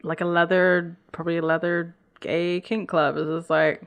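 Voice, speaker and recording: A woman's voice: on the low side, level tone, normal speed, crowd noise. A woman co-hosting a podcast, talking through a TV episode in a thoughtful, hesitant, casual way. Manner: thoughtful, hesitant, many restarts. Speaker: podcast co-host.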